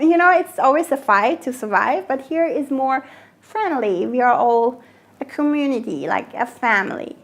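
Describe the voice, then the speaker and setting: In a documentary interview, a woman with a fairly high voice, speaking at normal speed, talks about owning a cafe and growing up in Germany. She stays lively throughout, laughing often and performing quoted dialogue.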